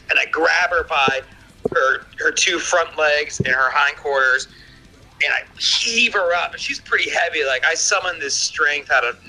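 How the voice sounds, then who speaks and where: A young man telling a listener story in a rambling, profane, animated way, on a voicemail. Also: a little high, poor audio.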